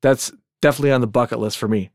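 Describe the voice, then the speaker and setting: A man's voice: medium pitch, very fast, no echo, clean studio sound. A man co-hosting a casual podcast, laid-back and easygoing. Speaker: podcast co-host.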